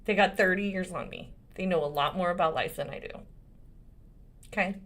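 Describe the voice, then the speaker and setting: A woman's voice: fairly low pitch, brisk, a bit bright. A woman in her forties, a lawyer and channel host, talking casually to camera and shifting between serious points and laughter. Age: 40s.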